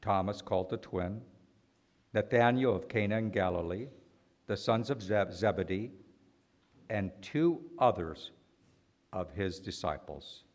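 A man preaching a sermon, slow and deliberate, swinging between loud emphatic lines and quiet ones. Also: lowish voice.

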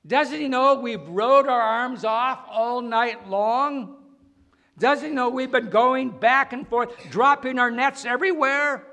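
Guy doing a fed-up tired fisherman, way higher and louder, huffy questions. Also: takes it slowly, vocal fry, heavily acted. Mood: indignant. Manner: indignant rhetorical questions. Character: grumbling weary male fisherman disciple.

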